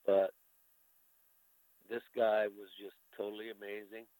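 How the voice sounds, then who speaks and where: An older American man with a very deep voice tells a personal story as a veteran in a conversation. He talks candidly and emotionally and swears casually. The recording is close and dry. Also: little pitch movement, unhurried, dark tone, no echo, poor audio. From United States. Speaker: veteran telling his story.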